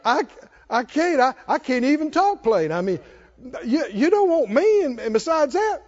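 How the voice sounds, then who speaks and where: A man's voice: very high-pitched, big pitch swings, normal speed, a little mellow. A man preacher voicing Moses as a stammering, reluctant man making excuses, in a dull lo-fi recording. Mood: pleading. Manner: stuttering, pleading excuses.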